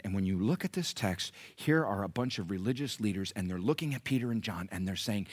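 Speaking fast in a lowish voice, a male pastor delivers a sermon to his congregation in church, blending rhetorical questions with funny stories from his own life.

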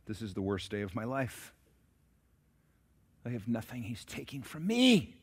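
A man's voice: medium pitch, big pitch swings, unhurried, husky, exaggerated voice. A man playing a poor beggar in a sermon story, muttering bitter complaints to himself. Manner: muttering bitterly, then crying out. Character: poor male beggar in an Indian market.

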